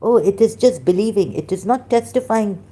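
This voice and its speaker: A woman's voice: mid-range voice, lively intonation, normal speed, warm tone. A woman with a Persian accent, speaking in broken English, hosts a rambling religious commentary live stream and often halts and interrupts herself.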